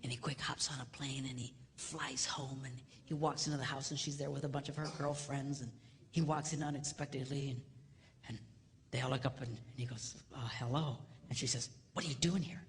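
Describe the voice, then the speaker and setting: A middle-aged man giving a comedic marriage seminar, animated, acting out voices and dropping to a whisper for emphasis. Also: medium pitch, brisk, long reverb tail, slight background noise. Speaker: seminar speaker.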